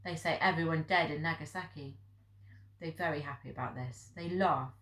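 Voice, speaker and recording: A woman's voice: sits low, moderate pace, fairly bright tone. A woman reading the part of an old Japanese hermit man who speaks in blunt, clipped broken English, recorded in an echoey room. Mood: grave.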